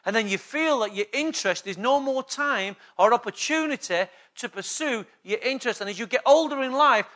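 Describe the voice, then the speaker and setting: A pastor races through his sermon in a very high-pitched, expressive, somewhat bright voice, barely pausing. He preaches emphatically and repetitively, often checking in with his congregation through call-and-response questions.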